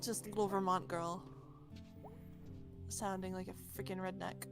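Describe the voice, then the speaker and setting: Playful woman, mid pitch, teasing her co-player. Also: level tone, unhurried, over music. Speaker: game player. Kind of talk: casual chat while playing a game.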